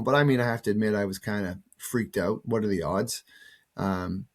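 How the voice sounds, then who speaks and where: A man's voice: fairly low pitch, brisk, vocal fry, husky. A man in his fifties, a show host who is sick with a cold, telling a personal story in a casual, rambling way with restarts and the odd swear word.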